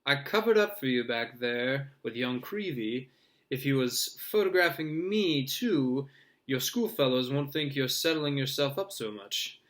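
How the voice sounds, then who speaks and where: A man reading aloud, voicing a vain, flamboyant teacher who speaks in a booming, jovial and self-important way. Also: animated, a little slow, a bit bright. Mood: patronizing.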